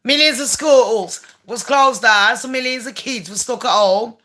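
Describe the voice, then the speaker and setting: A woman's voice: fairly high pitch, measured pace, bright, forceful tone. A woman hosting her own channel, reading a letter aloud and tearing into it with profane, mocking, sarcastic commentary. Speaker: channel host.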